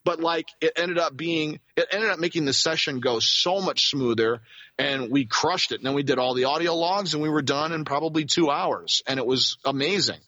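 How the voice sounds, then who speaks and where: A man who works as a voice actor, telling a rambling, animated story as a guest in a casual interview. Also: a little high, moderate pace, no room sound, dull audio.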